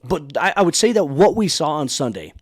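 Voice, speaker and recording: A man hosting a sports podcast, talking in an energetic, emphatic way. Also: fairly high pitch, brisk, slightly rough, dry recording, clean studio sound. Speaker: podcast host.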